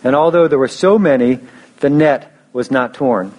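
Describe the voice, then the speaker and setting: A man's voice: medium pitch, moderate pace, darkish tone. A young man preaching a sermon in a casual storytelling way, often restarting phrases and adding fillers. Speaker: pastor.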